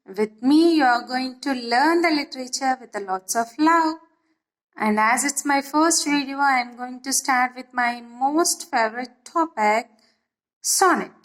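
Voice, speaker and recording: A woman's voice: sits high, a bit bright. A woman teaching literature in an online lesson, patient and repetitive, often checking that students follow. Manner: slow, patient, repeats key points and checks understanding.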